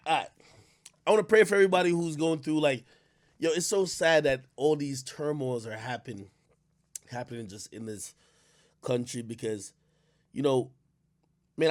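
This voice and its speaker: Profane man ranting on stream. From Jamaica. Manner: animated, profane, swings from loud rants to low muttering. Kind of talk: ranting livestream commentary.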